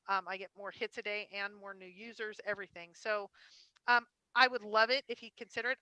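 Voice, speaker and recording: A woman's voice: mid-range voice, bright, forceful tone, smooth, dry recording, poor audio. A woman co-hosting a live-stream treasure hunt show, chatting casually and rambling with frequent "um"s.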